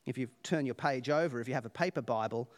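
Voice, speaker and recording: A man preaching a sermon, telling a joke with lively rhetorical questions and laughing at his own lines. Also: medium pitch, fast talker.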